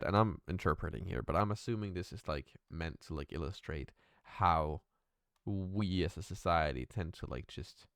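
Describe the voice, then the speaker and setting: A man's voice: deep voice, clear, resonant tone, no echo, studio quality. A man hosting a music reaction video, talking through his thoughts in a searching, casual way and swearing freely.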